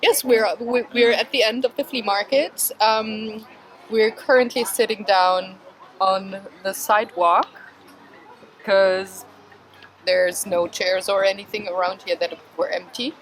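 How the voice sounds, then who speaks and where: A woman's voice: mid-range voice, steady tone, unhurried, low-quality recording. A woman vlogging in a casual, chatty way at an outdoor flea market, talking to the camera she holds and laughing easily. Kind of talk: casual chat.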